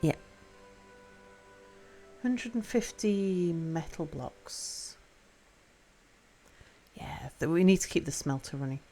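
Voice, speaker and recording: A woman's voice: low-pitched, expressive, takes it slowly, pauses often, dark tone. A woman streaming a game live, chatting casually, reading chat aloud and playing with word sounds. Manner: chatty, reads chat aloud, playful with pronunciation. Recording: faint music behind.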